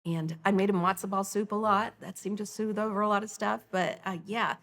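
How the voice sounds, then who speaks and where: A woman's voice: medium pitch, brisk. A middle-aged woman, a podcast guest, telling her personal story with animation and acting out the dialogue. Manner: animated, acts out quoted dialogue. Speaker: guest, nonprofit founder.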